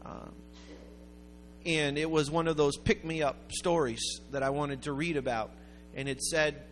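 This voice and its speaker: Man preaching, fairly high voice, long hall echo, faint music under, rambling story building to loud peaks. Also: steady tone, measured pace, a little hiss or hum. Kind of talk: sermon storytelling.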